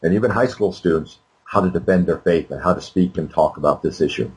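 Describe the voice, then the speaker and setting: A man's voice: low-pitched, quick pace, darkish tone, rough recording. An older man, a guest speaker, answering interview questions in an earnest, emphatic way. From United States.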